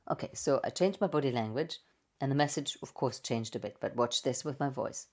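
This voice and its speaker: A woman voice coach giving a playful, expressive presentation with slides and vocal demonstrations. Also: very deep voice, fairly quick. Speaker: voice and speaking coach.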